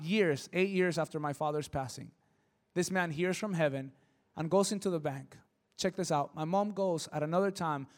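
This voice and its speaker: High-voiced preacher man telling stories. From Mexico. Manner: animated, shifting from hushed to loud and emotional. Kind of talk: sermon storytelling.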